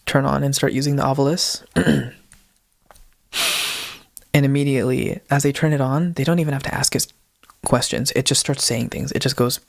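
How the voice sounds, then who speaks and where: Young male co-host, casual rambling storyteller, fry in the voice, dry sound. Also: mid-range voice, steady tone, normal speed, long pauses, no echo. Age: young adult. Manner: rambling, heavy use of "like" and "um". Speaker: podcast co-host.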